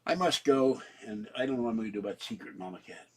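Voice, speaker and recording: Talking fast in a medium-pitched voice with lively intonation, a male vlogger delivers a rambling, ranting monologue from his home. He laughs frequently as he goes.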